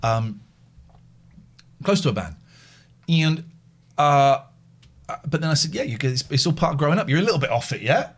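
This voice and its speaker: A man's voice: fairly high pitch, sing-song, normal speed, long pauses. A middle-aged man hosting a live phone-in show, telling rambling anecdotes in a chatty way. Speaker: radio phone-in host. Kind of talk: casual live chat.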